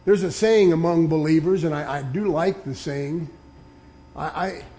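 A man preaching a sermon, earnestly explaining scripture and reading passages aloud with slow emphasis. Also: fairly high pitch, dark tone.

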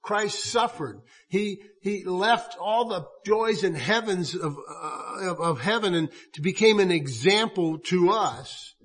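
High-voiced husky male preacher. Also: a bit bright. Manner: earnest, halting preaching with restarts. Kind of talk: sermon.

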